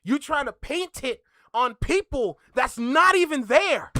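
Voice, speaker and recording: Bright, dry-voiced man with a Toronto accent. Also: very high-pitched, expressive, measured pace, hardly any pauses, dry recording. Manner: heated, incredulous, repetitive. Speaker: reaction video host. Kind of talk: casual reaction commentary.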